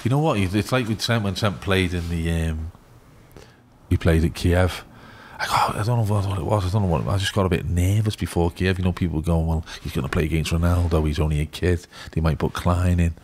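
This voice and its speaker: A middle-aged man with a Liverpool accent, telling rambling, excitable stories in a casual podcast chat. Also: low voice, fairly quick, a little hiss or hum. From England. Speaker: youth football scout.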